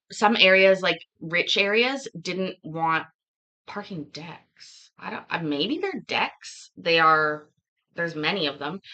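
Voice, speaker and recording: A woman's voice: on the low side, sharp tone. A woman with a Canadian accent hosting a casual livestream chat, laughing and playfully arguing with viewers about how words are said. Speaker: livestream host.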